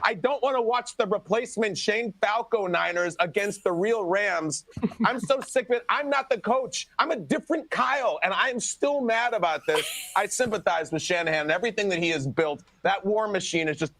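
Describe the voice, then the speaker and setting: A man in an animated, sarcastic sports rant, sounding exasperated and mock-outraged. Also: high-pitched, normal speed, dry recording.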